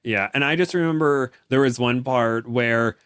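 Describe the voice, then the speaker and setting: A man's voice: medium pitch, moderate pace, a bit bright, smooth, no room sound. Hesitant man podcast co-host, dry sound. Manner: rambling, hesitant, with amused asides. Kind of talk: casual chat.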